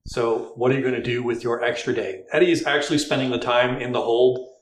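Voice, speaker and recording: A man's voice: mid-range voice, little pitch movement, a little fast. Man narrating as game master. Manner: conversational, with fillers and self-corrections. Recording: echoey room, faint noise.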